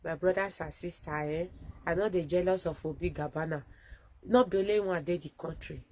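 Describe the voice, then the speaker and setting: A woman's voice: on the low side, a little fast, warm tone, low-quality recording. A woman with a Nigerian accent giving a fervent, rallying address to viewers on a live phone video from a friend's home. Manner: fervent, rallying, mixing Pidgin and English. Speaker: activist broadcaster.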